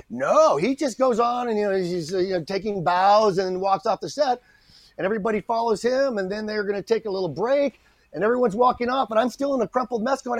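A middle-aged man, a guest actor, telling stories on a podcast in an animated, self-deprecating way. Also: very high voice, fairly quick, no room sound. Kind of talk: anecdotal storytelling.

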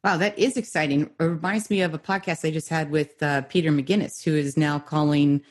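Low-voiced upbeat American woman host. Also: fairly even intonation, a little fast. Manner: upbeat, enthusiastic. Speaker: podcast host. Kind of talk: interview podcast.

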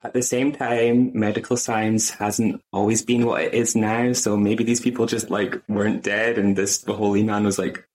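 A man's voice: on the low side, little pitch movement, normal speed, hardly any pauses, a little mellow, poor audio. A young man with a Scottish accent co-hosting a podcast, chatting casually with lots of fillers and laughs. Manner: rambling, filler-heavy, laughs often. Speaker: podcast co-host. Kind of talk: casual chat.

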